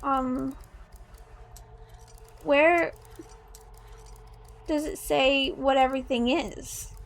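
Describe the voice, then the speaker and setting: Young woman streamer, high voice, chatty and giggly commentary. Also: fairly even intonation, extremely slow, vocal fry. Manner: chatty, playful, giggly asides. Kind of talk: live game stream commentary.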